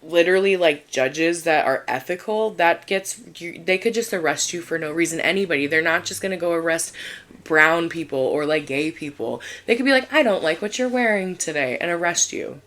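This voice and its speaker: A woman's voice: low-pitched, normal speed, a bit bright. A young woman co-hosting a podcast, talking in a casual, rambling way with lots of fillers and restarts. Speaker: podcast co-host. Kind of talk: casual chat.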